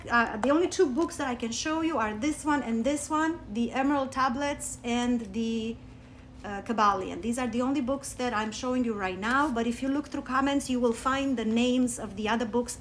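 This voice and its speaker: A woman from Romania, teaching spirituality on a livestream through animated personal stories and emphatic swings down to soft asides. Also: a little high, a little hiss or hum. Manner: animated, storytelling, emphatic with sudden soft drops. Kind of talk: live-streamed teaching talk with personal stories. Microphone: phone.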